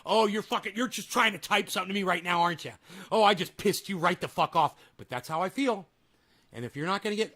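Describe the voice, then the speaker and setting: Guy streamer ranting and cussing at his chat, high bright voice, super mocking. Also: quick pace. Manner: angry, mocking, swears heavily, talks to chat. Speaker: streamer reacting to clips. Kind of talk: profane live-stream rant.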